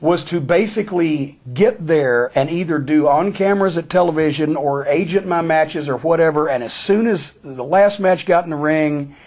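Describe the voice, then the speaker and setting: A man telling a backstage story in a profane, sarcastic, animated way. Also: fairly high pitch. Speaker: storyteller guest.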